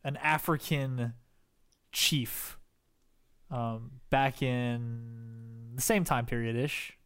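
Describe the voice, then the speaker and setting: A young man co-hosting a relaxed podcast chat. He rambles and hesitates, restarting phrases as he makes things up on the spot. His voice sits at an ordinary mid pitch. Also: very slow, clear, resonant tone. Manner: rambling, hesitant, restarts often while improvising. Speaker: podcast co-host. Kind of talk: casual chat.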